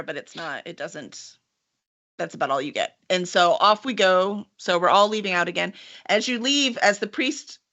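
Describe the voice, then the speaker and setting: A woman narrating as game master of a tabletop game, animated and quick to laugh. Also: fairly low pitch. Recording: lo-fi stream audio.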